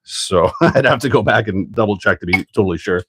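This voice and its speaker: A man hosting a casual livestream while building a kit, rambling and thinking out loud, often laughing. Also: fairly low pitch, brisk, husky, no echo.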